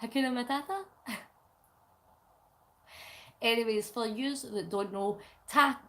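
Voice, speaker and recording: A chatty Scottish woman vlogging to her viewers, explaining things in a playful way and breaking into giggles. Her voice sits a little higher than most women's. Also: slow pace, fairly bright tone. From Scotland. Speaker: vlogger reading viewer comments. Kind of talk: casual chat with viewers.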